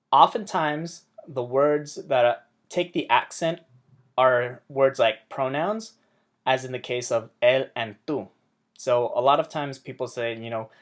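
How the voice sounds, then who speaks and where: Man teaching a Spanish lesson. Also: mid-range voice. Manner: upbeat, with small jokes. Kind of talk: explaining a lesson.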